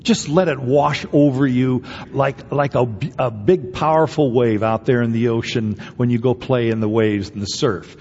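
A man's voice: medium pitch, expressive, normal speed, hardly any pauses, darkish tone, husky. A man preaching a sermon as pastor, speaking emphatically and conversationally, with many rhetorical questions to the congregation. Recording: dull audio with long hall reverb.

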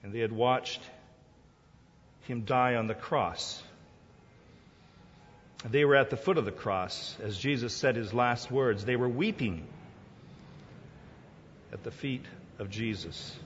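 A man's voice: medium pitch, slow pace, pauses often, a little hiss or hum. A man preaching a sermon as pastor, emphatic and full of rhetorical questions. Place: large hall. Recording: dull sound in a reverberant hall.

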